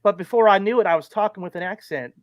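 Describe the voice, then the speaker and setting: Higher-voiced co-host from California, dry sound. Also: male voice, quick pace, dry recording. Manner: friendly, asks leading questions. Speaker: podcast co-host. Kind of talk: casual podcast interview.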